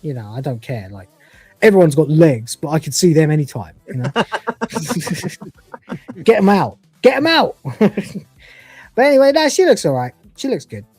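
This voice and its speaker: A man's voice: a little high, big pitch swings, a little slow, long pauses, darkish tone, slightly rough, soft background music. A man in his forties co-hosting a casual live episode review, crude and swearing, often breaking into laughter. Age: 40s. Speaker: podcast co-host reviewing episodes.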